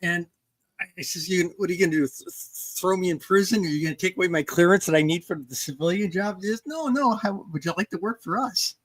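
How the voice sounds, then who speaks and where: An older woman author telling a story in casual conversation, animated, acting out dialogue with some restarts. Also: fairly low pitch, quick pace.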